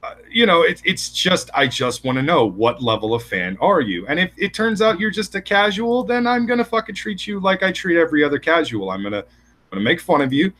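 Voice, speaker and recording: Crude podcast co-host, man, animated and sharp-toned, talks in restless bursts. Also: on the high side. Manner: rambling, profane, fast bursts with restarts. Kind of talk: casual crude podcast banter.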